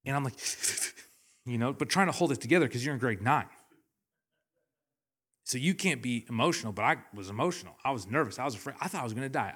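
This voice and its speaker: This young adult man from Canada is a pastor preaching in a church hall, animatedly telling stories, laughing and acting out quotes. His voice has a medium pitch, a bit of brightness and a breathy edge.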